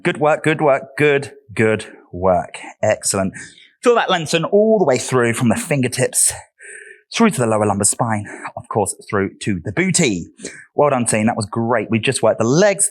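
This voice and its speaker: Breathless, lively male fitness instructor. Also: on the high side. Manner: energetic counting and cueing, upbeat encouragement. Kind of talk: coaching a workout class.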